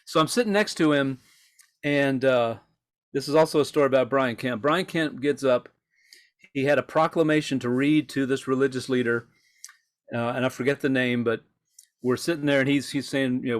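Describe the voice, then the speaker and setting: A man on a political podcast tells a winding story, stopping now and then to poke fun at himself. His voice sits at an ordinary middle pitch and he keeps the delivery loose and conversational. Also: steady tone, normal speed. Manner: rambling anecdotes, self-deprecating asides. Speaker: podcast co-host. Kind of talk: casual political chat.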